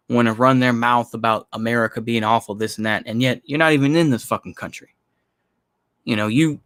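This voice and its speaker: A man's voice: mid-range voice, a bit bright, dry recording, studio quality. A man delivering a blunt, profane opinion monologue in a casual, rambling way, with lots of filler phrases. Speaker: commentary channel host.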